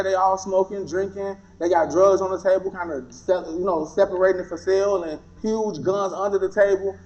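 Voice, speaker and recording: A man gives a personal testimony, his voice pitched high for a man. He tells it with animation and slips into the voices of the people in his story. The recording is dull and lo-fi. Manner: animated storytelling, acting out other people's words. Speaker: guest speaker.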